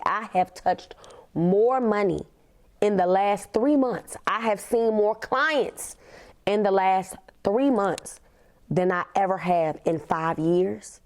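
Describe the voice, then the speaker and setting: A woman, hosting a podcast and telling a personal story in an emphatic way, often leaning on "literally" and slowing down on key words. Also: mid-range voice. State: tearful. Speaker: podcast host.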